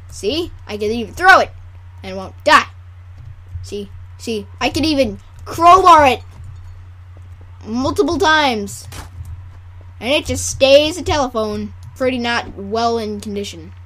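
A woman's voice: a little high, expressive, a little slow, long pauses, fairly bright tone. A woman rambling through casual, goofy gameplay commentary. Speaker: gameplay video creator.

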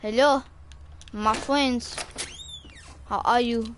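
A woman's voice: a little high, fairly even intonation, extremely slow, slight background noise. A woman doing a silly, bossy persona in a put-on African accent over gameplay. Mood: pleading. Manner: commanding, rambling, silly. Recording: game music clearly behind.

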